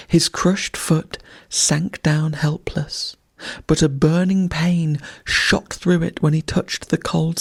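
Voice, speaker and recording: A narrator reads a bedtime story slowly in a soft, half-whispered voice. The tone is gravelly and husky, and the recording is dry and close. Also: mid-range voice, no echo. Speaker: audiobook narrator.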